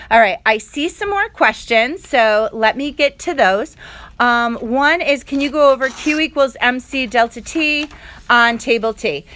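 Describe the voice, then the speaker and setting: A woman's voice: a little high, pushed and bright, clean tone, no room sound. A woman teaching a chemistry review lesson, explaining step by step in an upbeat way with playful sound effects. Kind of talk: live online review lesson.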